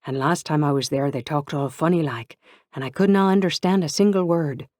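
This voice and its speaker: A woman's voice: low-pitched, fairly quick, dry recording, clean studio sound, natural voice. A woman voicing a teenage girl who playfully hams up a thick mock Irish accent. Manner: playful mimicry, loud and raised. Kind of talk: audiobook character voice.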